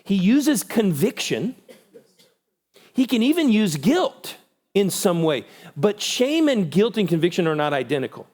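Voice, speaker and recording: A man giving a church conference talk, animated, acting out quoted voices with big pitch jumps. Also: a little slow. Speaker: conference speaker.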